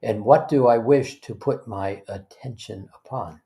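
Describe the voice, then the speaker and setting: A man as a spiritual teacher, leading a guided meditation talk in a gentle, unhurried way, pausing for breaths and restarting phrases conversationally. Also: fairly low pitch. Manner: gentle, unhurried, leads listeners through breaths.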